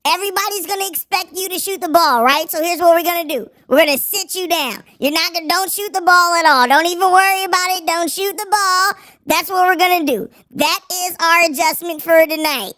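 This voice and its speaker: A man voicing a scheming male basketball coach through a pitched-up voice changer, rambling through a game plan. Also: brisk, sharp tone, dry recording. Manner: rambling, self-assured game-plan talk.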